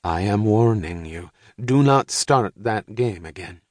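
A man's voice: lowish voice, lively intonation, measured pace, no room sound, studio quality. A man voicing a fussy middle-aged mother who speaks in a precise, formal way without contractions. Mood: stern.

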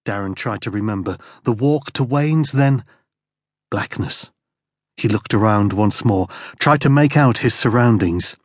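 A man reading a crime thriller audiobook as narrator, in steady, grim storytelling. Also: fairly low pitch, unhurried, no echo, clean studio sound. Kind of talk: scripted narration.

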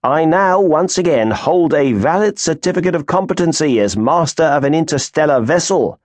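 A man voicing a gruff, proud male starship captain who answers stiffly. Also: fairly high pitch, very animated, normal speed, dry recording, pitched above the performer's own voice. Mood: smug. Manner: stiff, growling, then smug.

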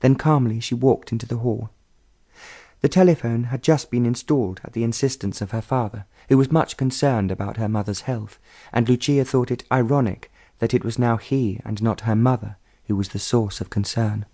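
Guy narrating an audiobook, mellow warm voice, steady and measured. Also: medium pitch. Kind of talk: scripted narration.

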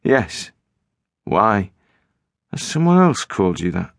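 A man's voice: lowish voice, takes it slowly, gravelly, no room sound, clean studio sound, exaggerated voice. A man voicing a mysterious teenage boy on the phone in an audiobook, evasive and tetchy. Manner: evasive, flat insistence turning tetchy. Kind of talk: audiobook narration.

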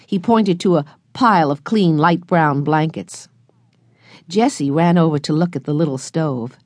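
A woman narrating a children's audiobook with clear, expressive storytelling, recorded close in a studio. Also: sits low, measured pace, no room sound. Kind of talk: scripted narration of a children's book.

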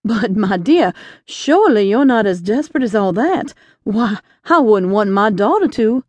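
A woman reading an audiobook, voicing a kindly, cautious older male shopkeeper in a gentle, fatherly way. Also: medium pitch, expressive, normal speed, no echo, pitched below the performer's own voice, natural voice.

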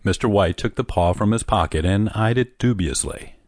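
A man with a deep, low voice reads a classic short story in measured, steady narration. The recording is dry and close, with no room sound. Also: dry recording. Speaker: audiobook narrator. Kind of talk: scripted narration.

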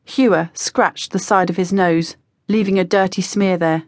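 A woman's voice: fairly low pitch, fairly even intonation, moderate pace, darkish tone, dry recording, clean studio sound. Woman narrating a teen novel. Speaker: audiobook narrator. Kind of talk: scripted narration.

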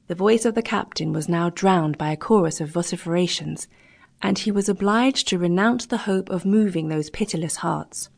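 A woman narrating a classic adventure story in a measured, dramatic reading. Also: on the low side, vocal fry. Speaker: audiobook narrator. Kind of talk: scripted narration.

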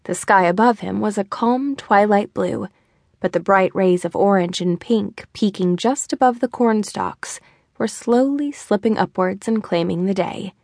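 Woman reading an audiobook, calm even storytelling, dead dry booth. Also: mid-range voice, measured pace, gravelly, no room sound. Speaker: audiobook narrator. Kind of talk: scripted narration.

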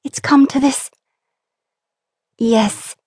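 A woman's voice: high-pitched, fairly even intonation, drawn-out words, darkish tone, breathy edge, no room sound, studio quality, voice pushed up, exaggerated voice. A woman voicing a young woman who has just become engaged, in an eager, breathless tone, for an audiobook. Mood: overwhelmed. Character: young woman, newly engaged, giddy bride. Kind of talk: audiobook character voice.

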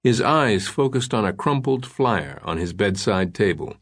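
A man with a low voice reads an audiobook thriller in a measured, suspenseful manner. His delivery is scripted and even. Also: slightly rough. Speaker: audiobook narrator.

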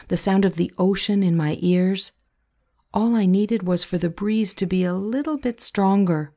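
A woman reading a novel aloud in measured, scripted first-person narration. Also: mid-range voice, dark tone. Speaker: audiobook narrator.

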